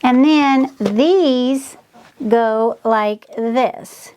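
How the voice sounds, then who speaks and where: A woman hosts a casual DIY tutorial in a high, bright-pitched voice. She talks at an easy, unhurried pace, narrating each step in a chatty way. She bursts into gasps of delight over her finished crafts. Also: a little hiss or hum. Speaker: DIY craft channel host.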